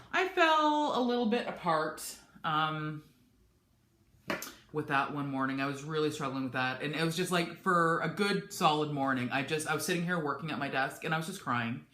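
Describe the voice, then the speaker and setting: A woman's voice: sits low, a bit bright, reverberant, a little hiss or hum. A woman chatting candidly to camera from her home office, rambling with frequent restarts. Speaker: vlogger. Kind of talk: casual chat to camera.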